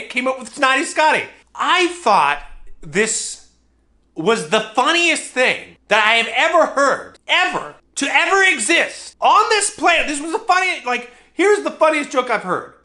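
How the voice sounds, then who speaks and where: A man's voice: high-pitched, bright, forceful tone. A young man telling a comedic childhood story in a vlog, exaggerating and laughing at his own jokes.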